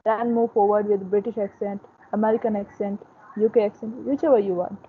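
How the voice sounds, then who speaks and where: A woman's voice: mid-range voice, steady tone, fairly quick, slight background noise. A Hindi-speaking woman from Uttar Pradesh with an Indian accent, earnestly explaining her views step by step over a video call. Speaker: English learner in group discussion. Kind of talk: casual discussion. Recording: tinny phone-like call audio.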